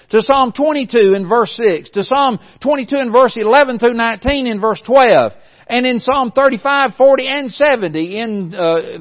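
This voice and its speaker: A man preaching a sermon in an earnest, measured way, reading scripture aloud and explaining it. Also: very high-pitched. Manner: earnest and measured, with occasional restarts. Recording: dull lo-fi recording.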